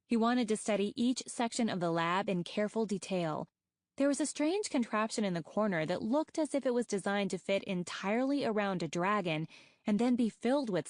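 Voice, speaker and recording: A woman narrating a fantasy audiobook in a steady storytelling manner. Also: medium pitch, no room sound, clean studio sound. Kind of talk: scripted narration.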